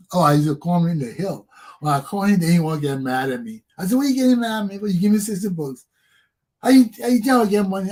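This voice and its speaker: A man with a Liberian English accent hosting a talk show, telling profane personal stories with animated, laughing delivery. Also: sits high. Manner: animated, profane, laughs often, acts out quotes loudly. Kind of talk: casual storytelling monologue.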